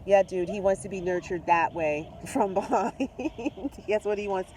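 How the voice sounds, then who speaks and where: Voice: mid-range voice, measured pace, darkish tone, a little hiss or hum. A tarot reader chatting to viewers while reading the cards, effusive and direct, mixing spiritual talk with slang and swearing. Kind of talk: casual tarot reading to camera.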